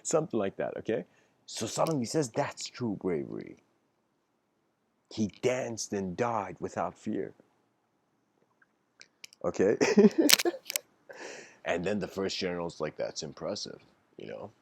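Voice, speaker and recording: A man's voice: on the low side, big pitch swings, a little slow, vocal fry, long pauses, darkish tone. A man giving a casual storytelling lecture, laughing often, acting out his characters' lines, and talking with plenty of fillers and restarts. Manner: acts out characters' lines in quoted voices.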